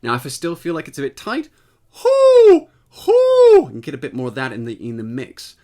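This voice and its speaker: A man giving a casual spoken singing lesson, explaining step by step and checking in with the listener, his voice tired and slightly husky. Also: medium pitch, fast talker. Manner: explanatory, conversational, often checks in with "right?". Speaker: voice teacher.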